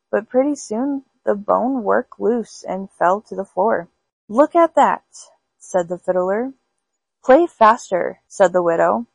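A woman's voice: medium pitch, creaky, breathy edge, dry recording, rough recording. A woman hosting a podcast, reading spooky folk tales aloud in an unpolished amateur way with small stumbles. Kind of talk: storybook read-aloud.

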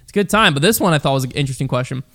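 Fast-talking podcast host man. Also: mid-range voice, expressive, sharp tone. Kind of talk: casual chat with an ad read.

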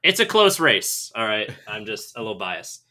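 A young man joking around on a casual podcast, chatty and quick to laugh. His voice is very bright and forward. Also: lowish voice, very animated. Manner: jokey, chatty, laughs easily. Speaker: podcast co-host.

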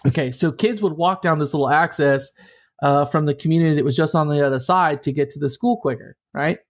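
A man with a slightly high voice tells a personal story as an interview guest. He is lively and laughs easily. He acts out the voices of the people in the story. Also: a little fast.

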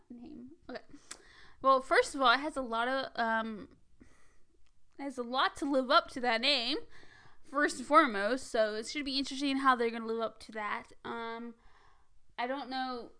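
A young woman hosting a podcast, chatting in a hurried, casual way with lots of fillers as she gives her predictions. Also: fairly high pitch, sharp tone, clean tone. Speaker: podcast host. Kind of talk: casual wrestling predictions chat.

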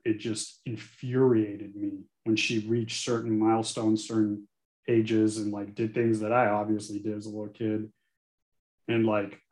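Earnest man in an echoey room. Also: lowish voice. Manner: earnest, frank and animated, sometimes cursing. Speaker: guest, attorney. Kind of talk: candid podcast interview.

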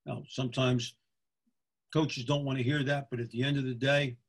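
A man's voice: mid-range voice, little pitch movement, normal speed. A middle-aged man from Pennsylvania, a football official giving a folksy instructional talk to other officials, repeating his points and checking in with "okay?". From Pennsylvania, USA.

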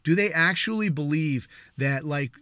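A male podcast host in a casual political rant, swearing often, rambling, and dropping "dude" and "man" as he mocks others in quick asides. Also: on the high side, bright, forceful tone, smooth, dry recording, studio quality.

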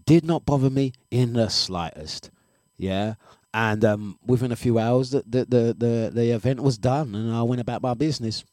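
A man hosting a breakfast radio show in casual live chat. He is animated, laughs often and repeats his phrases. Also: medium pitch, moderate pace, dry recording.

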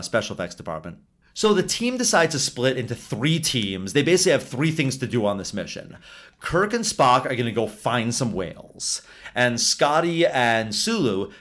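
A man's voice: mid-range voice, a bit bright. A man in casual podcast chat with a mid-range voice. He recounts film trivia in a dry, teasing, argumentative way. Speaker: podcast co-host.

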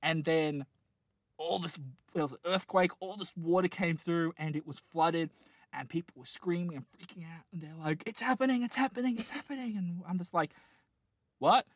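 A man's voice: fairly high pitch, steady tone, normal speed, dry recording, clean studio sound. A man in his late twenties chatting casually, telling a long rambling dream with lots of laughter and restarts. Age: late 20s. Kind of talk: casual chat, dream storytelling.

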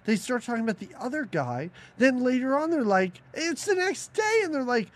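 A man co-hosting a podcast, chatting casually about a film with animated, sarcastic asides and frequent laughter. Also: very high-pitched, normal speed. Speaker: podcast co-host. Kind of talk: casual movie-review chat.

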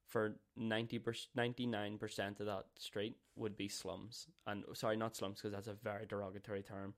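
Lower-pitched man telling stories. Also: fairly quick. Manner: swears freely, animated storytelling. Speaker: podcast co-host. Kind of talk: casual storytelling chat.

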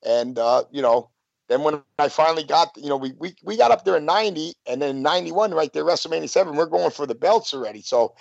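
Gravelly, fairly high-voiced man telling stories. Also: animated, fast, darkish tone, no room sound. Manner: rambling, full of "you know" and restarts. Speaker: guest, former pro wrestler. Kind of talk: casual storytelling interview. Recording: dull lo-fi, dry sound.

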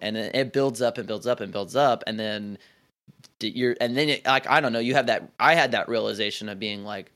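A man's voice: fairly low pitch, a little fast, a bit bright. Young man rambling reflectively. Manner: rambling, reflective, heavy use of "like" and restarts. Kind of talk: casual conversation.

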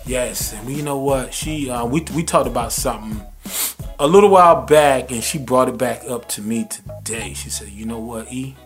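A man hosting a podcast in casual chat, animated and slangy, laughing often and mimicking people. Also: mid-range voice, moderate pace, soft background music. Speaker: podcast host.

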